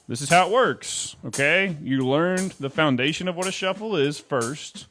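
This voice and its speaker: A man's voice: a little high, normal speed, sharp tone, faint music behind. A man teaching a casual drum lesson, chatty and counting rhythms aloud over his kit. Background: drum kit playing.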